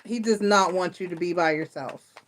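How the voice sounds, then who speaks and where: A woman's voice: lowish voice, normal speed, a little hiss or hum. A woman giving a live tarot reading, rambling and reassuring, with many fillers and restarts. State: close to tears. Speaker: tarot reader.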